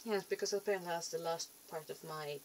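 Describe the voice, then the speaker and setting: A woman's voice: on the low side, steady tone, fast talker. A young woman rambling casually to camera in a vlog, chatty and self-deprecating, often trailing off and restarting. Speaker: vlogger.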